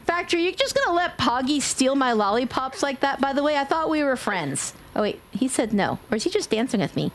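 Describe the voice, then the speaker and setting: A woman's voice: sits high, very animated, brisk, hardly any pauses, slight background noise. A woman streamer from Brooklyn with a faded New York accent, chatting casually during a game stream. She is playful and giggly and swears freely. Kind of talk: casual gaming livestream chat.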